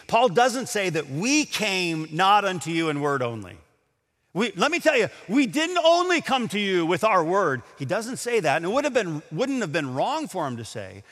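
A man preaching a sermon to a congregation, emphatic, slowing down to stress scripture quotes. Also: high-pitched, fairly bright tone, long reverb tail. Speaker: pastor. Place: large auditorium.

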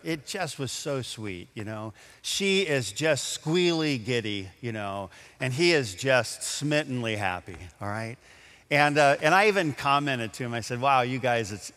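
Animated male preacher in a reverberant hall. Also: fairly high pitch. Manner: animated, storytelling with rising emphasis. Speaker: pastor. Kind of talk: sermon.

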